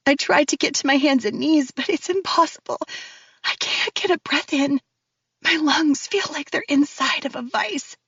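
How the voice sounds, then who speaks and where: A woman's voice: high-pitched, a bit bright, slightly rough, dry recording, dull audio. A woman narrating a first-person thriller audiobook in a tense, breathless way.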